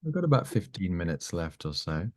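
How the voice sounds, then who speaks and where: A man hosting a live conversation, speaking hesitantly with frequent restarts and quiet affirmations. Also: low voice, very animated, brisk. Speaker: host.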